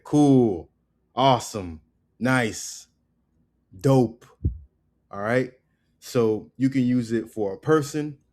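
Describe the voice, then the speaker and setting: A man giving a casual spoken language lesson, loose and repetitive, tagging "right?" onto his points and drilling words slowly. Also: mid-range voice, darkish tone. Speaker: language teacher.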